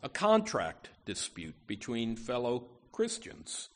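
A man's voice: medium pitch, wildly swooping pitch, slow pace. A man preaching a sermon, emphatic, often adding "you know" asides, with words that swell and drop.

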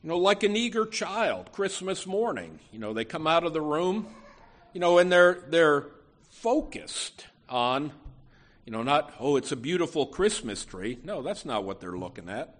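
A man's voice: a little high, big pitch swings, a little slow, a bit bright. A man preaching a sermon as pastor, earnest and emphatic, with frequent "you know" asides and repeated words.

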